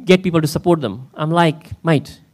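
A man's voice: a little high, fairly quick. A man in the role of pastor, preaching a conversational sermon in church and often asking his listeners questions. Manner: conversational, asks the congregation questions.

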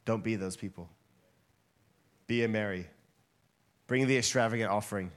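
A man preaching a sermon in a church hall, lively and playful, getting the congregation to shout along with him. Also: fairly low pitch, normal speed. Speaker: guest preacher.

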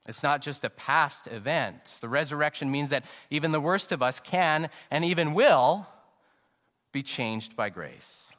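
A middle-aged male pastor preaching an earnest, reflective sermon, slowing down to stress key phrases. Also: a little high, fairly bright tone. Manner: earnest and reflective, anecdotal, slows down for emphasis. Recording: long reverb, sanctuary acoustics.

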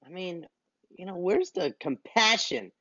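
A man co-hosting a casual podcast chat, animated and quick to laugh, rambling between topics. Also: high-pitched, no echo, highs cut off. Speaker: podcast co-host.

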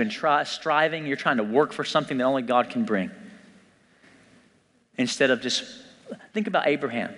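A man preaching a sermon as pastor, conversational and animated, joking with his congregation. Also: medium pitch, normal speed, long pauses. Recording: long church hall reverb.

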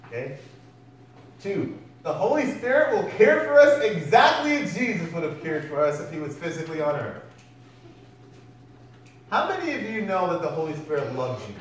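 A man with a high voice preaching a sermon, talking with his congregation and quizzing them as he goes. He sounds far from the mic in a very echoey church hall, with a faint hiss behind him. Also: big pitch swings, normal speed, pauses often. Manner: conversational, asks the congregation questions. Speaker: pastor.

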